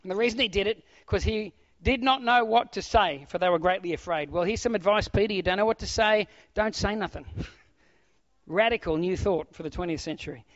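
A middle-aged pastor with a slightly high voice preaches with lively swings between loud bursts and hushed near-whispers. The sound is dry and close with no room around it, and a bit dull and lo-fi. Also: male voice, fairly quick, no room sound. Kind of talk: sermon.

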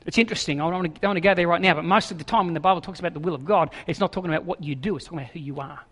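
Animated preacher, high voice. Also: male voice, very fast, big-room sound. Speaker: pastor. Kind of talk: sermon.

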